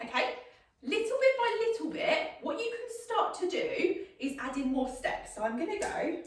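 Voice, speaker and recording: A woman's voice: high-pitched, big pitch swings, normal speed. A woman, a dog trainer giving an upbeat demonstration, often checking in with "okay?". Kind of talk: instructional demonstration. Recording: echoey, mic far off.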